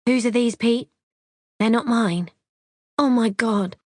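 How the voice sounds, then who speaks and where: A woman voicing a shrill woman in her thirties, explosive and accusing, in audiobook dialogue. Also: sing-song, quick pace, dry recording, clean studio sound. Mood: feigned alarm. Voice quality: shrill, high-pitched. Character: woman in her 30s, shrill, feigning shock and outrage.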